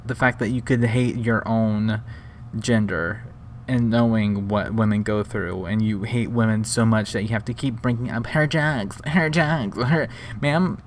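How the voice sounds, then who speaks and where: A man's voice: fairly low pitch, steady tone, unhurried, slight background noise. A man giving sarcastic, mocking commentary while reacting to a livestream.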